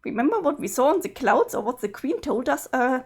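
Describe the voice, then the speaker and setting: A guilty, exasperated young woman apologizes, coaxes and pleads, as a woman voices her while reading a webcomic aloud. The voice is high and lively, and it turns impatient when the pleading gets nowhere. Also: brisk, breathy edge, full character voice.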